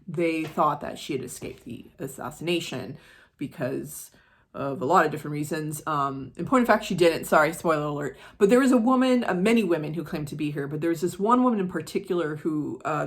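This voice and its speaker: A woman's voice: sits low, a little fast. An American woman chatting casually in her art vlog, rambling through side stories and swearing offhandedly. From United States. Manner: rambling, full of tangents and asides. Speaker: art vlogger. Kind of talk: casual chat.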